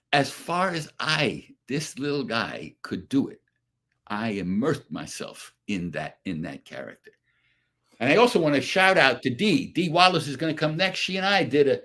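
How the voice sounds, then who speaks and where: An older man, an actor guest, telling animated, profane stories and acting out the quotes in casual chat. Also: fairly high pitch. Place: radio studio or remote call.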